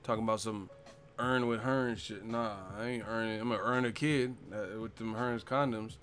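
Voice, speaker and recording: A man's voice: lowish voice, fairly even intonation, normal speed, a bit bright, faint music behind. A man hosting a live stream chat about boxing, talking in a loose, profane way and repeatedly cracking up laughing. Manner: profane, giggly, keeps breaking into laughter. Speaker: boxing channel host.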